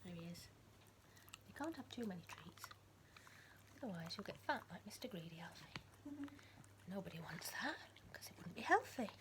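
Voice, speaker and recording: Woman teacher, lively children's story read-aloud, whisper-to-loud swings, faint hum behind. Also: on the low side, moderate pace, long pauses. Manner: animated, swinging between hushed whispers and loud emphasis.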